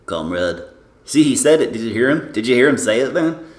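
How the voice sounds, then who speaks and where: A man's voice: mid-range voice, very animated, a little fast, echoey room. Brash, profane man doing a comic impression. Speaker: gamer doing a comic impression of a football commentator. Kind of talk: comedic let's-play commentary.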